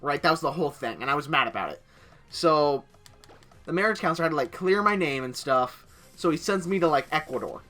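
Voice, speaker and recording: A man's voice: fairly high pitch, expressive, fairly quick, sharp tone, faint music behind. A young man casually narrating over gameplay, rambling through a story with many filler words. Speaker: gaming channel host.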